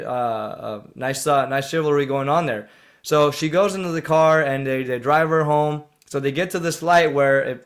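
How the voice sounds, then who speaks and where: Reaction host, young man, mid-pitched voice, casual rambling recap with lots of "um" and "like", quick to get indignant at the characters. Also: a bit bright. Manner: rambling, full of fillers and restarts, indignant asides. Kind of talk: casual commentary recapping a film.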